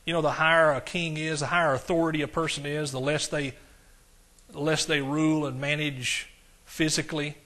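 Male pastor, sermon delivery, slightly high voice, dynamic and conversational with the crowd. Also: fairly quick. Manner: animated, swings from loud preaching to quiet asides; talks directly to the congregation, asks questions.

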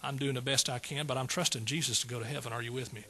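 A man's voice: mid-range voice, fairly even intonation, rapid-fire, pushed and bright, husky. A male preacher giving a folksy sermon and calling out questions to his congregation.

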